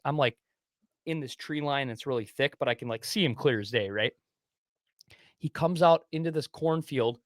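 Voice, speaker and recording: Man telling a lively hunting story. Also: fairly high pitch, dry recording. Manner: animated, swears, acts out his own inner voice. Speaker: podcast co-host. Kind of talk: casual storytelling.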